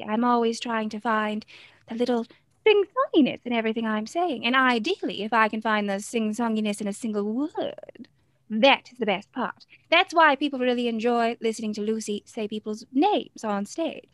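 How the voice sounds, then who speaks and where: A woman's voice: fairly high pitch, no echo, clean studio sound. Staccato, teacherly woman performer. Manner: staccato, teacherly rhythm with abrupt pauses. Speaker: character performer. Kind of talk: interview conversation.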